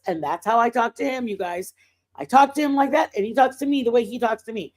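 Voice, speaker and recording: A woman hosting a livestream, telling faith stories in a casual, animated way and breaking into excited outbursts. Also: on the high side, quick pace. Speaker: livestream host.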